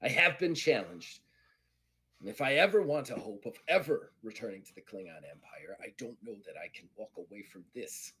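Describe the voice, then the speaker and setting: A man's voice: on the low side, big pitch swings, normal speed, sharp tone, slightly rough, exaggerated voice. A man voicing a proud, conflicted Klingon woman officer who speaks formally without contractions, in a tabletop role-play. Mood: troubled.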